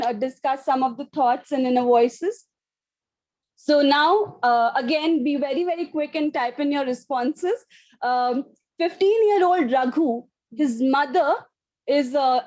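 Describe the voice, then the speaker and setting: A woman's voice: high-pitched, darkish tone, poor audio. A woman presenting an online training session, reading out audience responses with some hesitation. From India. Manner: reads out audience responses as a child's inner voice; hesitant with fillers. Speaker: webinar presenter.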